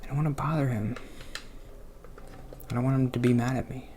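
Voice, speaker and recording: A man hosting casual gameplay commentary, talking in a hushed, half-whispered, self-conscious way close to the mic in his apartment. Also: medium pitch, fairly even intonation, brisk, a little hiss or hum. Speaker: let's play host. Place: apartment room.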